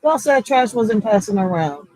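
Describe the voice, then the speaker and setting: A woman's voice: medium pitch, lively intonation, normal speed, darkish tone, dry recording, rough recording. A woman with a Philadelphia accent, a block captain ranting bluntly and profanely in a casual vlog. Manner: blunt, profane, fired-up street talk.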